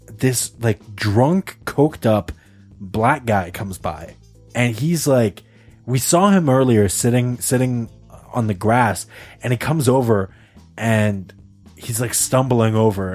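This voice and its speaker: A young man on a casual podcast, telling a story in an animated way and laughing often. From Canada. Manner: animated storyteller, jumps high for quoted voices, laughs often. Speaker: podcast co-host.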